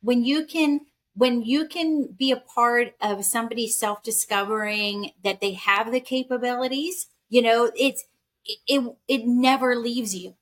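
A woman guest on a podcast with a slightly higher voice than most. She talks thoughtfully about what motivates her. She laughs readily between her replies. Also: a little slow. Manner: warm, laughs easily, reflective. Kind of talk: casual interview.

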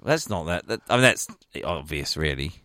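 A man co-hosting a comedy radio show, reacting quickly and thinking aloud in mock theories. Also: deep voice, big pitch swings, bright, forceful tone, no echo, studio quality. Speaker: radio co-host. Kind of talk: comic sports radio chat.

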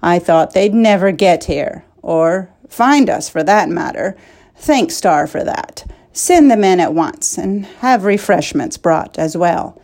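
A woman's voice: fairly low pitch, animated, slow, vocal fry, a little mellow, full character voice. A woman voicing a wise older male advisor who speaks in a wry, knowing way.

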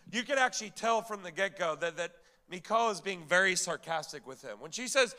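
A male pastor delivers a sermon in a high, bright and forceful voice. He preaches with emphasis, throws rhetorical questions at his listeners and often repeats a word as he drives a point home. His tone stays fervent and direct. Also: animated, a little fast. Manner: repeats and restarts words when building a point.

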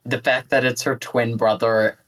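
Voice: medium pitch, little pitch movement, normal speed, a loud crowd, poor audio. A podcast co-host in casual chat, reading out film reviews, giggling often and trailing off with fillers.

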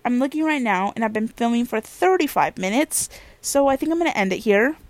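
A woman's voice: on the high side, lively intonation, a little fast, no echo. A young woman hosting a casual solo podcast, rambling and repeating herself as she chats. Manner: rambling, repetitive, chatty. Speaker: podcast host.

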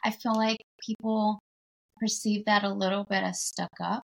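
Gravelly, animated woman guest. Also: mid-range voice, normal speed. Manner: animated storyteller acting out quoted exchanges. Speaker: podcast guest. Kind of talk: casual chat.

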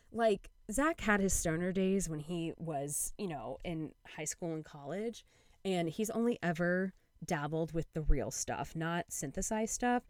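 A woman's voice: low voice, a little mellow, dry recording, studio quality. A young woman casually telling a personal story, candid and swearing freely, with lots of fillers.

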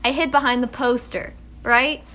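A woman's voice: high-pitched, steady tone, normal speed, sharp tone. A young woman telling a rambling story in casual chat, giggling often and using lots of filler words. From Ireland.

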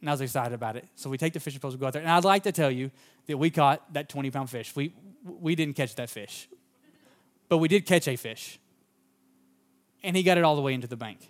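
A male pastor with a somewhat high voice preaches, telling a personal story in an earnest, folksy, down-to-earth way and addressing his congregation directly. He speaks fast.

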